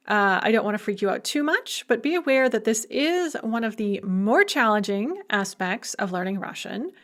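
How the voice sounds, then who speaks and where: A woman giving a recorded language lecture over slides, explaining clearly and slowing down to model pronunciation. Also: fairly high pitch.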